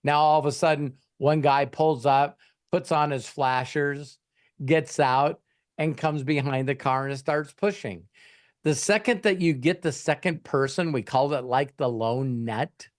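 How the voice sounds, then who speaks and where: A man telling a motivational story as a host answering a member's question, animated, acting out bystanders' lines in quick voices. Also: fairly high pitch.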